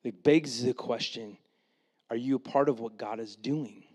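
A man preaching a sermon, retelling the story in a casual, animated way with quoted asides, then dropping to a quiet, earnest tone for his main points. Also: mid-range voice, a little slow. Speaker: pastor.

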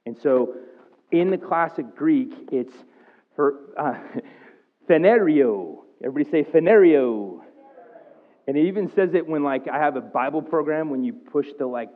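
A man preaching a sermon to his church, talking conversationally and rising in pitch and volume as he gets excited. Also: normal speed. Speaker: pastor. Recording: tinny phone-like sound.

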